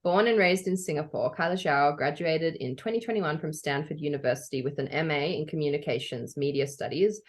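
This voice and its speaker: A woman's voice: deep voice, a little fast, hardly any pauses. A woman co-hosting a podcast over a video call, chatty and playful, laughing often. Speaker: podcast co-host. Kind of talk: casual chat.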